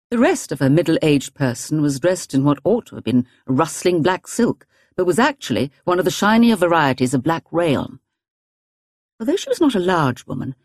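A woman narrating an audiobook in a measured, expressive, wry manner. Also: low voice, slightly rough, dry recording, studio quality.

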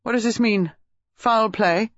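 A man's voice: high voice, a little slow, fairly bright tone, no room sound, pitched above the performer's own voice. A stiff retired army major, put on by a male narrator, speaking sharply in a raised, strained voice. The audiobook recording is dry and slightly muffled. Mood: agitated.

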